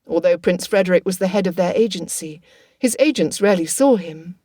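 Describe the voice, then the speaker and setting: A woman narrating an audiobook in a steady, even reading. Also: lowish voice, brisk, no echo, clean studio sound.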